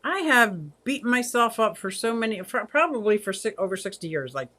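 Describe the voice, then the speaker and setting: Her pitch is fairly high and her tone sharp as this sixty-something woman runs a laid-back livestream for her aquarium channel. Very animated and fairly quick, she chats, laughs a lot, and reads comments from viewers aloud.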